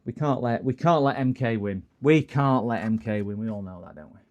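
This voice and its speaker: Man, middle-aged, rambling and jokey, repair stream host, mid pitch. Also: brisk, a little mellow, lo-fi sound. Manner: jokey, rambling, answers chat comments. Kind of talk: casual livestream chat while repairing.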